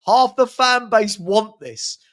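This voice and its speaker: Slow-talking exasperated football fan. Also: male voice, high voice, fairly bright tone. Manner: exasperated, sarcastic, laughs at his team. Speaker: fan watchalong host. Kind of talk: live match commentary from a fan.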